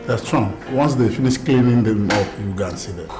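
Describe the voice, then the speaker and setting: A man with a Nigerian accent, playing a calm, reassuring doctor in a film drama. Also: on the low side, fairly quick, lightly acted. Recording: echoey room with music behind.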